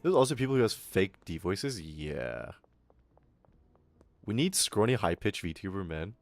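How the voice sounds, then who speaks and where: A man's voice: low-pitched, big pitch swings, a little slow, creaky, no echo, faint music behind. A young Australian man chatting casually on a livestream, rambling, swearing and laughing often, his throat a little irritated. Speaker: VTuber streamer.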